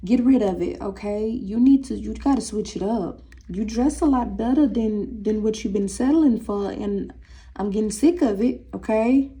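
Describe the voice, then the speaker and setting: A woman's voice: medium pitch, measured pace, warm tone. A young woman giving a casual tarot reading, talking straight to viewers in a sassy, teasing way. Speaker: tarot reader.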